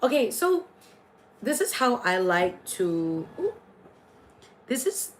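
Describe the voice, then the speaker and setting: A woman with a slightly high voice chats playfully through a livestream, reading out astrology signs for viewers. She hops quickly from comment to comment. A faint hiss of background noise sits under her voice. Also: sing-song, poor audio. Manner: chatty, playful, jumps between comments. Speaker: livestream tarot and astrology reader.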